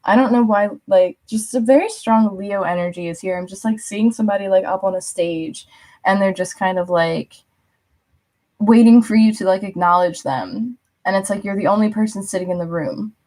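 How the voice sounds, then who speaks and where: A young woman talks through a tarot reading in a loose, chatty way. She fills her sentences with little fillers, laughs freely and slips into quick impressions of the people she describes. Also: medium pitch, warm tone. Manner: chatty, lots of "like", laughs often, acts out quotes. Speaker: tarot reader. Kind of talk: casual spoken reading.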